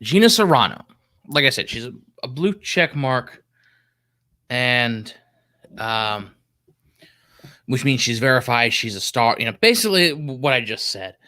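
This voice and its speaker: Male streamer, lively pitch, bright tone, rambling and profane. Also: unhurried, pauses often. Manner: rambling, profane, easily sidetracked. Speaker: livestream host. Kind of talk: casual livestream commentary.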